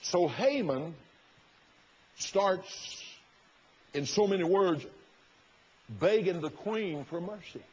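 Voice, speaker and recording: A man's voice: high voice, lively intonation, takes it slowly, pauses often, a little mellow, slight background noise. Folksy preacher man, lo-fi sermon. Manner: folksy, retells the story with quoted inner thoughts. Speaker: pastor.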